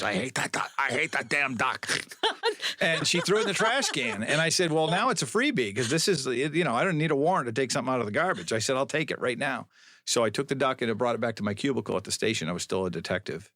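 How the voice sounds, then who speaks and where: A man's voice: mid-range voice, a bit bright, dry recording, studio quality. A middle-aged man, a police spokesman, telling a long story as a podcast guest in a wry, rambling way that keeps correcting itself. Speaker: police public information officer, guest. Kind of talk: storytelling interview.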